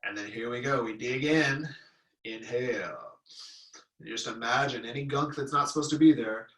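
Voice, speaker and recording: A man leading a guided healing-sound meditation, speaking calmly and softly and drawing out long chanted vowel tones. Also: mid-range voice, normal speed. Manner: calm, soft-spoken guidance with long chanted vowel tones. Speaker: meditation teacher. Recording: echoey room, mic at a distance.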